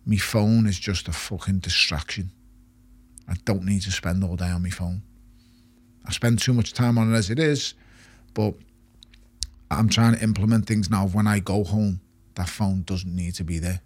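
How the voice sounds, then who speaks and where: A man's voice: low voice, fairly even intonation, normal speed, pauses often, darkish tone, husky, no echo. A middle-aged man, a retired boxer talking candidly in an interview, blunt and swearing. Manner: blunt, swears often, repeats words when emphatic. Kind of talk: candid podcast conversation.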